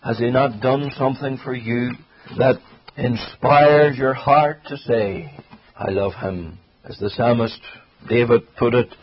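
A man preaching a sermon earnestly, swelling and then dropping his voice for emphasis and slowing down on key phrases. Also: medium pitch, fairly even intonation, breathy edge, muffled recording.

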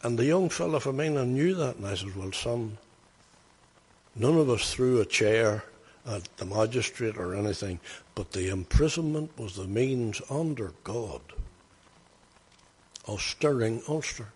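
A man's voice: mid-range voice, lively intonation, measured pace, a little mellow, slightly rough, big-room sound. An older man, preaching by telling stories in a folksy, anecdotal way that rises to emphatic bursts. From Northern Ireland. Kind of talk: sermon storytelling.

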